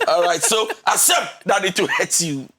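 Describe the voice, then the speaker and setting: A man's voice: high-pitched, big pitch swings, normal speed, a crowd in the background. A man with a Ghanaian English accent, giving relationship advice on a talk show in an emphatic, preachy way that slips into Twi and half-singing. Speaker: relationship counselor.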